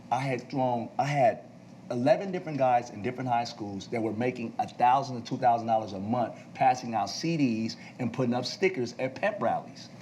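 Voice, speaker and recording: Man, 40s, talk-show guest, lively storyteller who does the voices in his anecdotes. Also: medium pitch, slight background noise, rough recording. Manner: animated storyteller acting out dialogue. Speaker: actor and entrepreneur.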